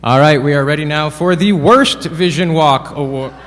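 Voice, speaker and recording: A man presenting awards at a ceremony, cracking playful deadpan jokes. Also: a little high, normal speed. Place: event hall. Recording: reverberant hall, faint room noise.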